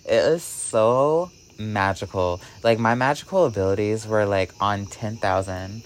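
A man vlogging, telling a rambling story with "like" in almost every phrase and swinging between hushed and excited delivery. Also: fairly low pitch, normal speed, few pauses. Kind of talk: casual storytelling vlog.

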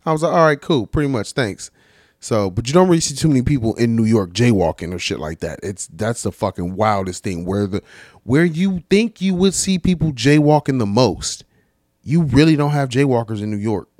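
A young man from California casually telling a story, animated and laughing, heavy on slang and swearing. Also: mid-range voice, brisk, no room sound, clean studio sound. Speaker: vlogger.

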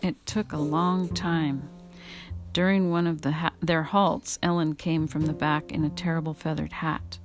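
Woman reader, casual and amused, slow pace, soft music underneath. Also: low-pitched, fairly even intonation. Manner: amused, keeps breaking into laughter. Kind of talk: casual read-aloud of a memoir.

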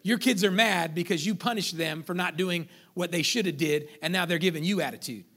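A man preaching a sermon as pastor, swinging between loud peaks and hushed drops and acting out quoted voices in conversational asides. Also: high voice, fairly quick.

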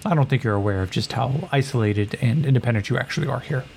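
A man doing a condescending Atlantean scientist woman, clinical lecturing tone, gravelly low-key delivery, tabletop game character. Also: fast, a little mellow, a little hiss or hum, close to an everyday voice. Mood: cold.

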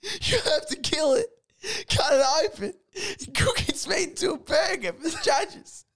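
A man voicing a brash, defensive Australian schoolboy wizard in a shrill, shouting voice with an Australian accent. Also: animated, a little slow, gravelly, heavily acted. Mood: manic boasting.

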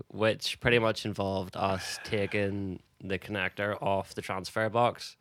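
A man telling a story on a casual podcast, acting out the lines of the people in it. His voice is low and bright. The sound is dry and close. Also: fairly even intonation, normal speed, few pauses, clear, resonant tone, no room sound. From Northern Ireland. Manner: anecdotal, acts out dialogue with laughs. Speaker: podcast co-host.

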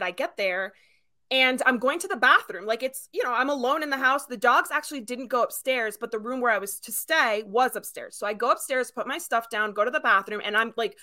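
A bright, high-pitched woman hosting a podcast over a video call. She chats freely and tells stories with plenty of fillers. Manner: chatty, animated storyteller with many fillers. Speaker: podcast host. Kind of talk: casual chat.

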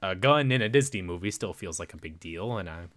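A man casually recapping a movie plot, rambling with many fillers and quick voiced quotes. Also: sits low, lively intonation, fairly bright tone. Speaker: podcast co-host.

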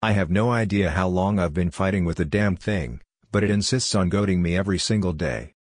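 A man narrating a story in an even, measured reading. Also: low-pitched, dry recording, studio quality. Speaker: audiobook reader.

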